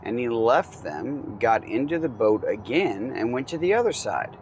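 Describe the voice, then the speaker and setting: Male Bible teacher, conversational and unhurried, recorded outdoors with faint traffic behind. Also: mid-range voice, rough recording. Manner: relaxed, conversational, many ums and asides. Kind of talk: casual Bible reading and commentary.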